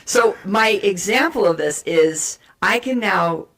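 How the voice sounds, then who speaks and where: A woman guest giving an energetic, persuasive talk on communication styles and acting out short role plays to make her points. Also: medium pitch, unhurried, vocal fry. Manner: energetic, persuasive, emphatic teaching. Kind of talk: animated explanatory talk with role play.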